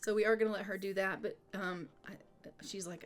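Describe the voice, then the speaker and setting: A woman narrating her video game session in a casual, upbeat way. She keeps a middle pitch and falls back on friendly, repetitive phrasing as she explains each step. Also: steady tone, fairly quick, slight background noise. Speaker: gameplay video creator.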